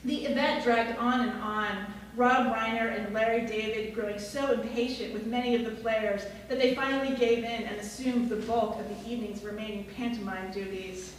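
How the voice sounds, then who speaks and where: A woman's voice: a little high, steady tone, moderate pace, hardly any pauses, far from the mic, slight background noise. A woman reading a personal essay aloud to an audience at a live event, in a dry, wry way. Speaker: storyteller. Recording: echoey room, mic heard from afar.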